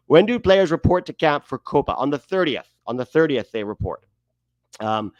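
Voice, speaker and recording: A man's voice: fairly high pitch, expressive, normal speed, dry recording. A man hosting a casual soccer commentary video, chatty, thinking aloud and humming while he searches. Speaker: host.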